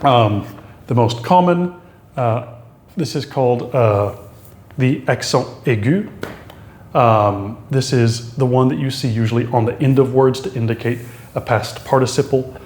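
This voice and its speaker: A man explaining French accent marks in a lesson, pausing often with fillers and restarting his sentences. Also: mid-range voice, a little mellow, roomy sound, slight background noise. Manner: halting, many fillers and restarts. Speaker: French teacher.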